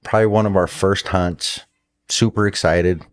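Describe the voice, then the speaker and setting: Guest: deep-voiced man, easygoing, tells stories plainly. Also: steady tone, normal speed. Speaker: falconer guest. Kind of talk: casual storytelling.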